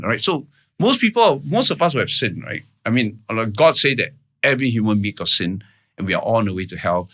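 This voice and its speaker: Brisk and very animated, this man has a fairly low voice with a sharp edge. As an interview guest, he tells his own story in earnest, plain-spoken terms, constantly asking "right?" and "all right?"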